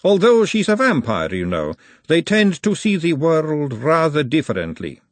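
A man's voice: fairly high pitch, huge pitch swings, moderate pace, no echo, voice pushed up. A man voicing a refined, clever middle-aged woman who speaks in a precise, formal way, her voice set well above his own. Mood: poised.

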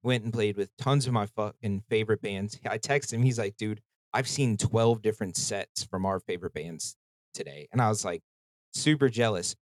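A man's voice: lowish voice, normal speed, no room sound. A man hosting a podcast, telling rambling stories in casual chat and swearing freely. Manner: profane, rambling storytelling. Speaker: podcast host.

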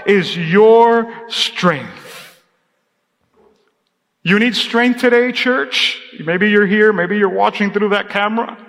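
In a church sanctuary, a pastor preaches a sermon in a bright, high voice with a creaky edge, keeping a moderate pace, fairly even intonation and few pauses. He uses call-and-response with the congregation, then sinks to a near-whisper for emphasis, his words echoing with the hall's long reverb.

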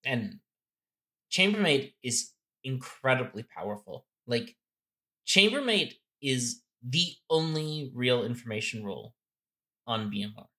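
A man's voice: mid-range voice, animated, a little slow, bright, forceful tone. A man co-hosting a podcast, talking through board game strategy in a casual, explanatory way with many fillers and restarts. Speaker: podcast co-host.

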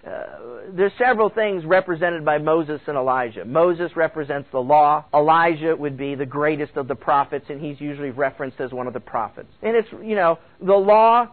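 High-voiced pastor on tinny radio. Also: male voice. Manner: conversational, with many restarts and quoted asides. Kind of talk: sermon. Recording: phone-like radio broadcast.

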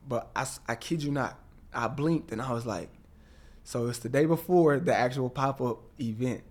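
Male guest, animated storyteller who acts out the people he quotes, mid-pitched voice. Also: moderate pace. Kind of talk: storytelling interview.

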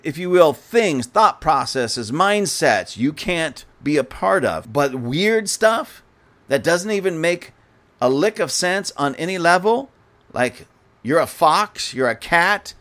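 A man's voice: fairly high pitch, lively intonation, takes it slowly, a bit bright. A man giving an indignant, sarcastic political commentary rant, speaking scornfully to his audience.

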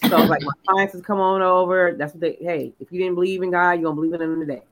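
A woman telling a personal story in casual chat, animated and full of "like", acting out what people said. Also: on the low side, quick pace, low-quality recording. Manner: animated storyteller, lots of "like", acts out quotes. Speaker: podcast co-host.

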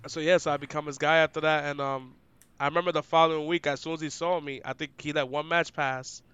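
In a casual, slangy interview, a young adult esports commentator rattles off stories, animated and leaning on "like" a lot; he says he's loud and outgoing. His voice is a little high and clean, he talks fast, and the lo-fi recording is dry.

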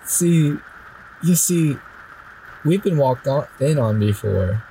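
Slow, mellow, lively-pitched speaker. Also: a little hiss or hum, rough recording. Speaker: podcast guest. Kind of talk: casual chat.

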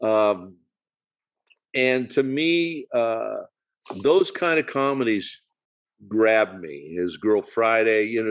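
A man talking about his favorite classic comedies, halting and searching for words. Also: mid-range voice. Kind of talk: casual film discussion.

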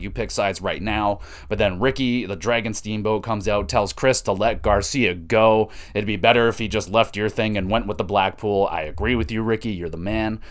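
A man hosting a podcast, casually recapping wrestling matches in a profane, excitable, rambling way. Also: on the low side. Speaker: podcast host.

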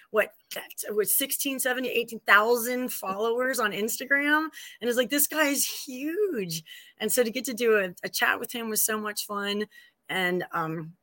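A woman's voice: a little high, fairly bright tone. A woman guesting on a casual podcast, gushing and rambling, with lots of fillers and restarts. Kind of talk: casual conversational interview.

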